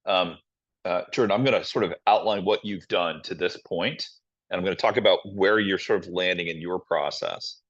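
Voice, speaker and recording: Deep-voiced man on a dull call line. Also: fairly bright tone. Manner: measured, recapping, hedging with "sort of". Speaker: co-host, moderator. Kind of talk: live stream recap.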